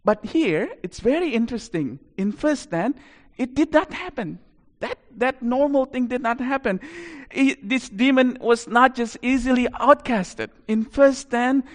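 Animated male preacher in an echoey hall. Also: extremely high pitch. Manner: animated storytelling with dramatic swings in loudness. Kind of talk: sermon.

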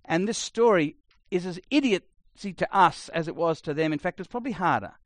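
A middle-aged man preaching a sermon, blunt and conversational, swinging between loud emphasis and quiet asides. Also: high-pitched, lively intonation, fairly quick, no echo. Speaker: pastor.

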